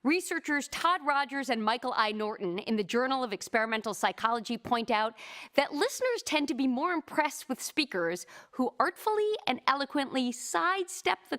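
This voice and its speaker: A woman presentation coach giving measured, scripted advice on handling hostile questions. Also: high voice, a bit bright. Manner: crisp, measured advice with acted example quotes. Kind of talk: scripted instructional narration.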